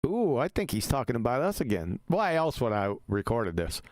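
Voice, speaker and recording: A man co-hosting a casual live stream, mocking and laughing often, with quick asides. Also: medium pitch, big pitch swings, dry recording. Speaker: co-host.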